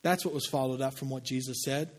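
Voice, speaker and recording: A man preaching a sermon in a conversational way, asking the congregation questions and dropping low and slow to make a point. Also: steady tone. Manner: drops low and slow for emphasis. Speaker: pastor.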